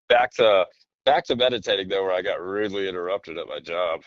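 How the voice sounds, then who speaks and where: A man in casual podcast chat, telling rambling, animated stories and swearing often. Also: low-pitched, dry recording, dull audio.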